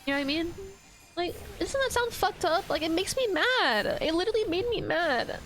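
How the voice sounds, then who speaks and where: A woman's voice: very high voice, big pitch swings, normal speed, a bit bright, faint music behind, poor audio. A young woman streamer venting in casual chat to her viewers, swearing often and stumbling over her words. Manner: ranting, frequent swearing and restarts.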